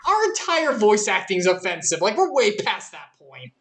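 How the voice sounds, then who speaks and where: A woman's voice: medium pitch, big pitch swings, normal speed, a bit bright. A woman co-hosting a game stream in casual chat, laughing easily and explaining the story at length. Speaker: co-host and player of a game stream.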